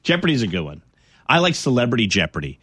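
Male morning radio host, bright tone, dry studio sound, loose and chatty. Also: mid-range voice, big pitch swings, fast talker, breathy edge, no room sound. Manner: chatty, laughs easily, rambling asides. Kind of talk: casual radio banter.

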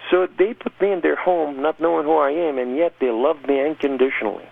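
Gravelly man telling his testimony. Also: fairly high pitch, fairly quick, no echo. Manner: earnest storyteller, rising intensity. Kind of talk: emotional personal testimony. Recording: tinny phone-line radio audio.

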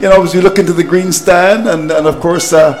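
A man's voice: high-pitched, steady tone, a little fast, over loud music, low-quality recording. A man commentating cricket on radio, exasperated at his team's collapse and repeating phrases for emphasis.

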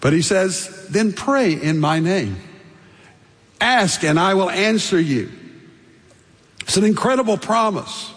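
A man's voice: high-pitched, fairly bright tone, in a large hall. An older man preaching a sermon as pastor, emphatic, building through repeated lists and stressed phrases.

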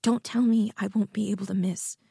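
A woman voicing a sad, tender young woman who speaks quietly. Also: on the low side, brisk, vocal fry, dry recording, clean studio sound. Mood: upset.

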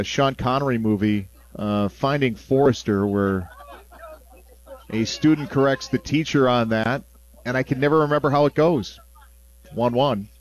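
A man calling a baseball game on the radio, mixing play-by-play with relaxed, chatty asides between pitches. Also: dry recording. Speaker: play-by-play announcer.

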